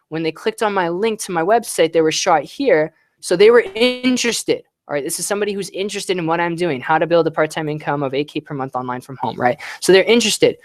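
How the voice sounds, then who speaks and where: A man giving online business tips on a live stream, energetic and often checking in with "right?". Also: sits high, no room sound, studio quality. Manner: energetic, repeats "right?" and "all right".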